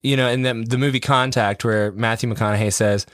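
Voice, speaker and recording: A young man co-hosting a podcast in casual chat, animated, laughing often and trailing off into restarts. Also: medium pitch, brisk, no room sound, studio quality. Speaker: podcast co-host.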